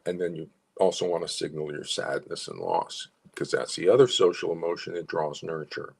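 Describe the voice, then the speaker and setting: A man's voice: low voice, sing-song, fairly quick, gravelly, breathy edge. A man, a psychologist consultant, gives clients informal advice and coaching, explaining step by step and repeating key phrases.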